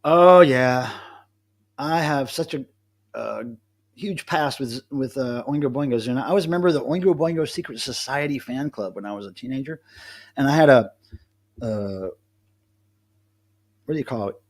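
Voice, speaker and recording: A man's voice: mid-range voice, normal speed, pauses often. A middle-aged man rambling and joking with viewers by name as he hosts a casual live stream from home, alone. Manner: rambling, self-amused, chats to commenters by name. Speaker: livestream host.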